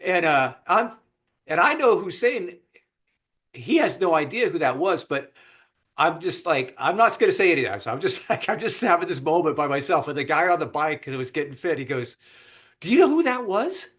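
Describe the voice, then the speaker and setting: A podcast host with a fairly high voice speaks at a normal pace, telling a lively anecdote during a casual remote-call chat. He does voices for the people in the story.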